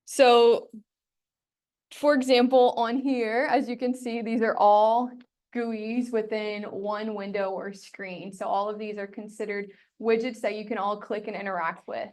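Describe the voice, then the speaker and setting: A woman's voice: mid-range voice, level tone, measured pace, a little mellow. A young woman student giving a casual classroom workshop presentation, chatty and full of fillers. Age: young adult.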